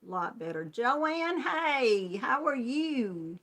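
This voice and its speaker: A woman's voice: sits high, sing-song, slow pace, a bit bright. A middle-aged woman with a Southern US accent hosting a crochet channel, chatting with viewers in a friendly way, often laughing and calling them hon. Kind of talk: casual chat greeting viewers.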